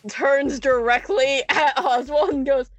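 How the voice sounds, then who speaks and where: A woman playing a tabletop role-play game, excitable and giggling through her turns. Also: sits high, a little slow, no echo. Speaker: player.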